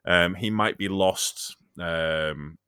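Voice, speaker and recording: A man's voice: sits low, very slow, sharp tone, clear, resonant tone, no room sound, clean studio sound. A man hosting a casual podcast, rambling and jokey, with lots of fillers and restarts. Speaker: podcast host.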